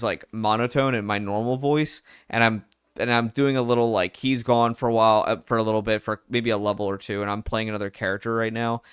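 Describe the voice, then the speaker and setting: A man's voice: medium pitch, a bit bright, clean tone, no echo. A man from the Philadelphia area talking casually and rambling while playing a game. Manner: rambling, restarts often. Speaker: gaming streamer. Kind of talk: casual gameplay commentary.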